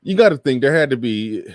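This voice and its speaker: A man's voice: medium pitch, expressive, moderate pace, dry recording, studio quality. A man hosting a casual livestream, reading viewer comments aloud and riffing on them with frequent laughs. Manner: reads viewer super chats aloud and riffs; laughs often, trails off mid-thought. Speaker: livestream host.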